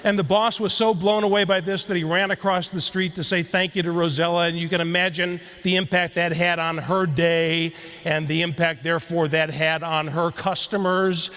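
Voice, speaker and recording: A man's voice: fairly high pitch, fairly even intonation, moderate pace, fairly bright tone. A man giving a keynote speech to a live audience, telling stories and leading the crowd through playful exercises. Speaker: keynote speaker. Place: stage before a live audience.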